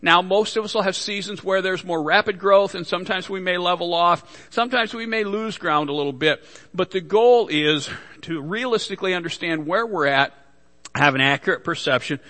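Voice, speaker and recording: Man, pastor, sermon; high bright voice, earnest teaching in a long-reverb church hall. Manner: earnest, repetitive teaching with restarts.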